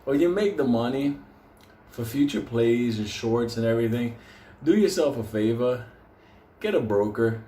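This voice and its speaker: A man's voice: mid-range voice, normal speed, mellow. Man, casual rant, heavy swearing, frequent laughs, echoey room. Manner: profane, laughs often, loose and joking. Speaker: host. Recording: roomy echo, faint background noise.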